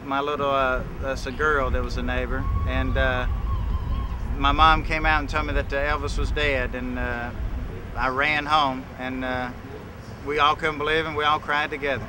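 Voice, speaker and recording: A man's voice: medium pitch, little pitch movement, moderate pace, background noise. A man being interviewed, recalling a childhood memory hesitantly with many fillers.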